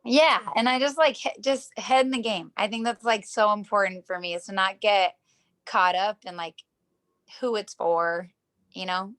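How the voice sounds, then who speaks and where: This professional dancer chats casually as a guest in a video-call interview, meandering through anecdotes packed with "like" and performing the quotes of the people involved. Her voice is medium-pitched and a bit bright, with fairly even intonation at a normal speed.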